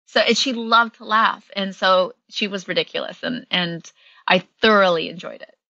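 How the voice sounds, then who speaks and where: A woman with a bright, clear voice talks casually as an interview guest, filling her sentences with little fillers and easy laughter. The sound is close and dry, with no room around her. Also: medium pitch, moderate pace, no echo, muffled recording. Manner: chatty, many fillers, laughs often. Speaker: actress guest.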